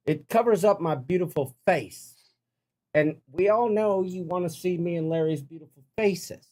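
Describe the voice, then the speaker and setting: A man's voice: sits high, a little slow. A man co-hosting a casual podcast chat, playful and theatrical, talking into a lavalier mic. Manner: playful, theatrical, breaks into snatches of song. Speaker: co-host.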